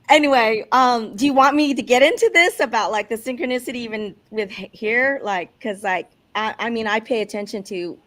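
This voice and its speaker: A woman's voice: on the high side, moderate pace, fairly bright tone. A woman guest on a podcast, chatting casually over a video call from a rental room, bubbly and giggly, rambling with many restarts. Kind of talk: casual interview talk.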